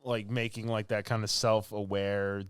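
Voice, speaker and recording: A man with a smooth, resonant voice rambles through a movie plot for his podcast, full of fillers and asides. The sound is close and dry, with no room around it. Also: fairly low pitch, little pitch movement, normal speed, dry recording. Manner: rambling, filler-heavy storytelling with laughs. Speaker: podcast co-host. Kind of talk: casual movie recap.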